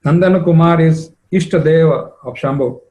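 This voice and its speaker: A man's voice: fairly high pitch, moderate pace, darkish tone. A man retelling a religious story in a sermon, conversational, with asides and chuckles.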